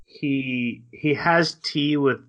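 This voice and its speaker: Man, podcast co-host, bright tense voice, lo-fi dull sound, rambling recap. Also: mid-range voice, drawn-out words. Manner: rambling retelling with acted-out quotes and laughs. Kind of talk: casual chat.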